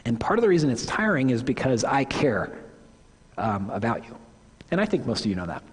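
A man's voice: medium pitch, big pitch swings, a little fast, breathy edge. A lead pastor in his forties, giving an earnest, conversational sermon to his congregation and correcting himself as he goes. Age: 40s. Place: church sanctuary. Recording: long hall reverb.

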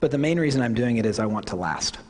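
A man's voice: medium pitch, expressive, fast, darkish tone. A lead pastor in his forties, giving an earnest, conversational sermon to his congregation and correcting himself as he goes. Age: 40s. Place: church sanctuary. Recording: long hall reverb.

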